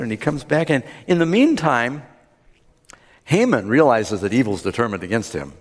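A man preaching a sermon, retelling a Bible story and acting out the characters' lines with lively swings in pitch. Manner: acts out the characters' lines with rising animated pitch. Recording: long hall reverb.

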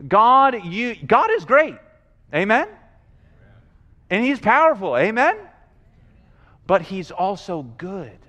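A man's voice: sits high, sing-song, slow, long pauses, sharp tone, in a large hall, dull audio. A male pastor preaching a sermon, telling stories animatedly, acting out scenes and calling for responses from the congregation.

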